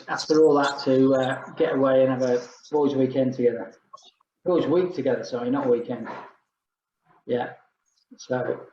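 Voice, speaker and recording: An older man leads an exercise class as a fitness instructor, counting down reps and chatting and joking between rounds. His mid-range voice is a little mellow, and the recording sounds roomy, with highs cut off and slight background noise.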